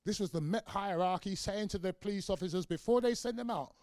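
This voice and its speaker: A man's voice: high voice, brisk, a little mellow, no room sound. A man in his sixties with a London accent gives a public lecture, telling stories with passion and acting out the dialogue. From London, England. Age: 60s. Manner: passionate storytelling, acts out dialogue. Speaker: community activist lecturer. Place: lecture room.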